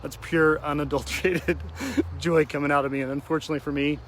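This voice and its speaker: A man's voice: a little high, steady tone, brisk, a little hiss or hum. A man talking earnestly to his viewers outdoors, emotional and tearful at times. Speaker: vlogger addressing his audience. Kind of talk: heartfelt outdoor vlog talk. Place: outdoors at a cemetery.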